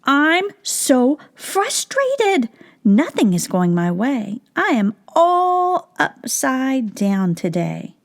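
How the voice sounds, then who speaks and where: A woman voicing a fretful male turtle in a children's picture-book reading, in a high, strained put-on voice. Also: huge pitch swings, drawn-out words, exaggerated voice. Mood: frustrated.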